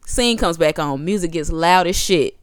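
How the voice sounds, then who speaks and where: Woman chatting, animated storytelling, smooth clear voice, dry close sound. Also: fairly low pitch, normal speed, dry recording. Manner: animated, acts out her own panicked voice. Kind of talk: casual storytelling chat.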